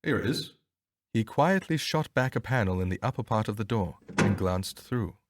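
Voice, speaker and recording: A man with a lowish voice narrates an audiobook in an expressive, measured storytelling style, recorded on a close studio mic with no echo.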